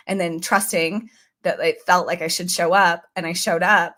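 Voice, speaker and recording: A woman's voice: fairly low pitch, fairly even intonation, moderate pace, fairly bright tone. A woman guest on a podcast, telling a personal story in an earnest, chatty way and acting out her own past thoughts.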